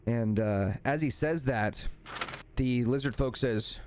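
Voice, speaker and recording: A man's voice: medium pitch, takes it slowly, darkish tone, slight background noise. A man running a tabletop game as dungeon master, narrating casually with many fillers and self-corrections.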